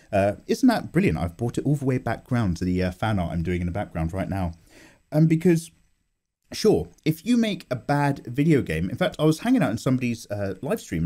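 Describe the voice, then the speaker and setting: Animated, mellow-voiced man. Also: mid-range voice. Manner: animated and self-mocking, swearing and laughing. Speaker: art YouTuber. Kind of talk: casual chat while drawing. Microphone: condenser microphone.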